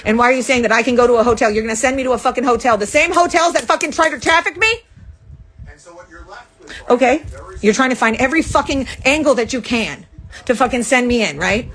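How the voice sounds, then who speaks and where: A woman venting angrily to the camera, firing off profane, rapid accusations from a rented room. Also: fairly high pitch, a bit bright. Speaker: vlogger. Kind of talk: angry venting monologue to camera.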